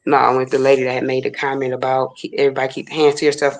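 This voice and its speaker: A woman's voice: rumbling low, little pitch movement, racing, gravelly. A woman speaking as a guest in a casual talk, making her points emphatically and repeating them firmly. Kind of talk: casual conversation.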